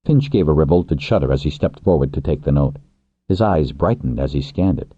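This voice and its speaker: A man narrating an audiobook in a measured, low-key storytelling manner. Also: animated, mellow, slightly rough, no echo. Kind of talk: scripted narration. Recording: tinny phone-like, dry.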